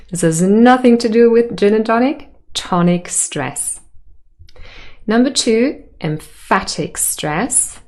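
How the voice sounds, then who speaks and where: A woman's voice: medium pitch, darkish tone. A woman teaching sentence stress in a patient, explanatory way with light humor. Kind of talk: explanatory lesson.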